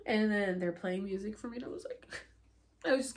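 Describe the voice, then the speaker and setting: A young woman vlogger telling a story to camera in a casual, animated way, acting out her own past words with laughing and crying and casual swearing. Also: mid-range voice, normal speed.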